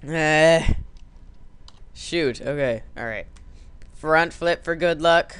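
A man's voice: fairly high pitch, slow pace, pauses often, a bit bright, clear, resonant tone, dry recording. A man giving goofy, jokey commentary while playing a game, sometimes acting out a scolding dad. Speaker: let's play commentator. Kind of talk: casual gameplay commentary.

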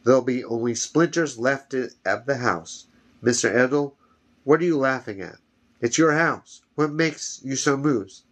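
A man voicing a loud, blustering middle-aged town official in a home story reading. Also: medium pitch, unhurried, close to an everyday voice. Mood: alarmed. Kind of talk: audiobook reading.

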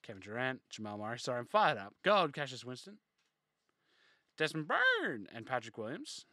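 A man's voice: mid-range voice, huge pitch swings, normal speed, sharp tone, no room sound, clean studio sound. A young man hosting a live card break, reading off player names and chatting casually with viewers.

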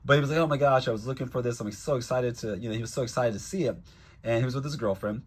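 A man's voice: mid-range voice, racing, breathy edge. A man vlogging as a toy collector, telling a casual, rambling story with lots of fillers.

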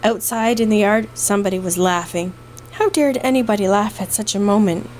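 A woman narrating a classic novel aloud in a measured, expressive reading. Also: medium pitch, slight background noise, rough recording. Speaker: audiobook narrator. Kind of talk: scripted narration.

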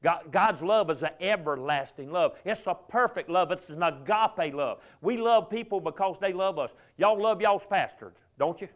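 A man preaching a fervent revival sermon, swinging from loud emphatic bursts to hushed, drawn-out pleading. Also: sits high, animated. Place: church sanctuary.

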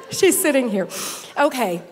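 A woman's voice: high voice, big pitch swings, takes it slowly, soft background music. A woman in her fifties giving a conference talk in a chatty, self-deprecating way, holding back tears as she tells funny personal stories. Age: 50s. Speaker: conference speaker. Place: large hall with stage. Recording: long hall reverb.

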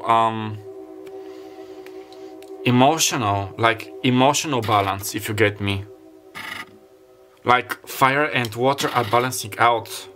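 A man doing a casual tarot card reading to camera. He talks in a halting way, with many fillers and self-corrections. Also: medium pitch, fairly bright tone. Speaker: tarot reader. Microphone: camera mic.

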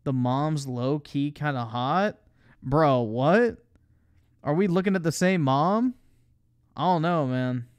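A man's voice: on the high side, takes it slowly, clear, resonant tone, dry recording. A young man streaming a casual reaction, swearing constantly, laughing, and mocking what he watches. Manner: crude, profane, laughing, mocking.

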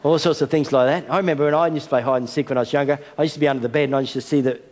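A man's voice: mid-range voice, steady tone, rapid-fire, a little mellow. A middle-aged man preaching a sermon as a senior pastor, telling a story and acting out a game. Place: large church hall. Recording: long church hall reverb.

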